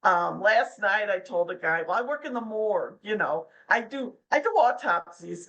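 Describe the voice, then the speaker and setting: Middle-aged woman, podcast guest, chatty storyteller, mid-pitched voice, acts out quoted voices. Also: animated, normal speed, hardly any pauses, fairly bright tone, rough recording. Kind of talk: casual interview chat.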